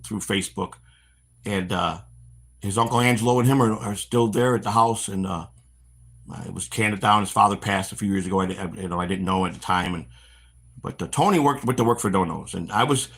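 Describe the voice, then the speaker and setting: Fast-talking husky middle-aged man. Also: lowish voice. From Chicago area. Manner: animated storyteller, acts out quoted voices, frequent restarts. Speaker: stream host. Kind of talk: rambling storytelling on a walk-and-talk stream. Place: outdoors on a walk.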